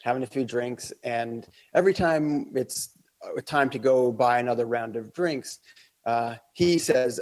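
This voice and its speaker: A man's voice: mid-range voice, a little slow, a little mellow. A man, a podcast guest, telling a long travel anecdote in casual conversation, rambling with fillers and acting out quotes. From Australia. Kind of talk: casual storytelling.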